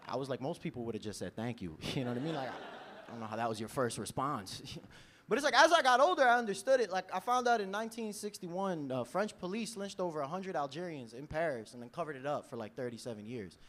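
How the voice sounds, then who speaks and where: A man's voice: fairly high pitch, fast. A man, doing a stand-up set in a loose, chatty style, laughing at his own jokes. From New York. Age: 20s. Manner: lively, loose delivery, laughs at own jokes, frequent "you know?". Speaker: stand-up comedian. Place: comedy club stage.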